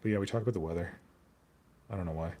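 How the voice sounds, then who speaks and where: A man's voice: low-pitched, very fast, dark tone. Rambling jokey man streaming. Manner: rambling, jokey, answers viewer chat aloud. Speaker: hobby streamer. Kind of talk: casual live-stream chat.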